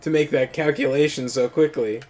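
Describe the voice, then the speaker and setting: A man's voice: mid-range voice, steady tone, normal speed, a little mellow. A man hosting a casual gaming commentary, rambling through crude jokes and laughing often. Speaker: let's play host.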